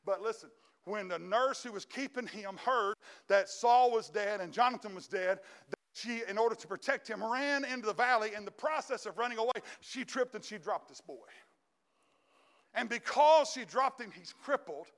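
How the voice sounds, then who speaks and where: A man preaching a sermon, telling a story dramatically, acting out the characters and building up to shouts. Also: high-pitched, moderate pace.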